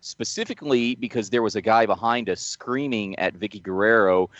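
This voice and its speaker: A man's voice: lowish voice, brisk, a bit bright, no echo, highs cut off. A man co-hosting a podcast, telling a long anecdote in casual chat with restarts and laughs along the way. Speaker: podcast co-host.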